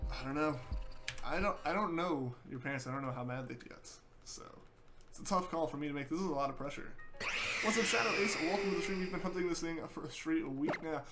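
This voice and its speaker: A man's voice: a little high, a little fast. A young man streaming a game live, chatting casually and reading out viewer messages in an easygoing way with lots of fillers. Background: game music playing.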